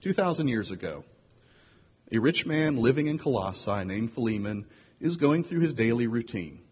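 A man preaching a sermon as pastor, playful and animated, jumping up in pitch to tease and draw in his listeners. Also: moderate pace, husky. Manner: playful, animated storyteller with big jumps in pitch. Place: church sanctuary. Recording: lo-fi echoey hall recording.

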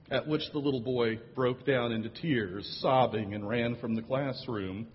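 A man's voice: medium pitch, a little slow, slight background noise. A man who is a pastor, telling a story in a sermon with acted quotes and dry humor. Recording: dull audio with long hall reverb.

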